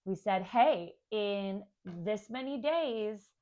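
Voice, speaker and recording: A woman's voice: mid-range voice, unhurried, narrow, tinny audio. Chatty woman telling a family story. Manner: candid, chatty, acts out kids' voices. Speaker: stepmom vlogger. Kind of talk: personal storytelling to camera.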